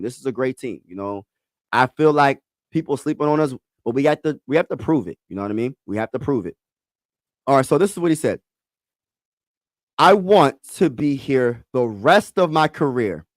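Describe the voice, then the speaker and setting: A man hosting a casual sports commentary video, excitable and talking straight to his viewers with shout-outs. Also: medium pitch, no echo, clean studio sound. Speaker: sports vlogger host.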